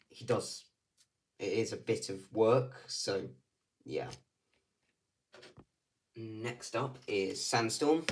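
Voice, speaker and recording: Man, slow talker, halting and casual, faint background noise. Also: on the low side, creaky. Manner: hesitant, loose, full of ums and likes. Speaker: stop-motion creator running a casting call. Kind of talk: casual talk to camera. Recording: voice slightly distant from the mic.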